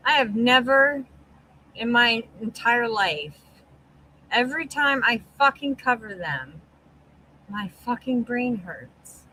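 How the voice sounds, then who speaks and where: A woman's voice: fairly high pitch, sharp tone, a little hiss or hum, low-quality recording. A woman hosting a livestream, reacting with exasperated, blunt, profanity-laden commentary. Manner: exasperated, heavy swearing, blunt.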